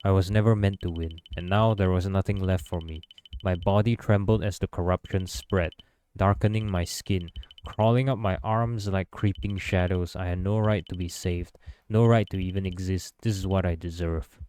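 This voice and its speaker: A man's voice: deep voice, fairly even intonation, moderate pace, warm tone, a little hiss or hum, natural voice. A man voicing a defeated young male fighter full of remorse, read aloud as the hero's inner narration of a story game. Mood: remorseful. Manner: despairing, remorseful.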